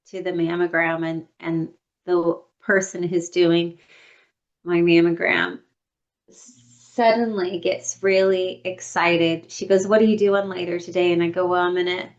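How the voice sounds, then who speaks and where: A woman co-hosting a podcast, chatting in a heartfelt way and telling animated stories in which she acts out what other people said. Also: lowish voice. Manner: animated storyteller who acts out quoted people. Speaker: podcast co-host. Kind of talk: casual heartfelt conversation. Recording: slightly dull lo-fi sound.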